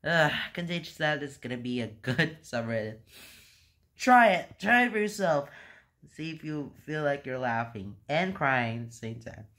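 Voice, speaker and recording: A man's voice: medium pitch, expressive, moderate pace, sharp tone. A man hosting a reaction video, laughing helplessly to the point of tears as he talks. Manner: helpless laughter, talking through giggles. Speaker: channel host.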